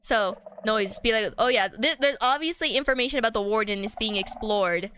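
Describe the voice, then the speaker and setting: A woman's voice: fairly high pitch, brisk, bright, forceful tone, slight background noise. A woman streamer chatting casually while playing a game, rambling and giggly, with lots of fillers.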